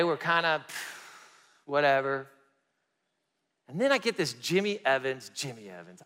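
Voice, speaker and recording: A man preaching a testimony in a high voice, dropping to near-whispers and then climbing back up as he tells the story. His words ring out with a long reverb from a big hall. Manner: animated storytelling, swings loud and soft. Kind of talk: sermon testimony.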